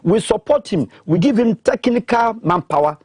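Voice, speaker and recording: A man with a Ghanaian accent, speaking emphatically in an animated discussion that mixes English and Twi, pressing his points with repeated questions. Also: high-pitched, moderate pace, husky, dry recording, studio quality.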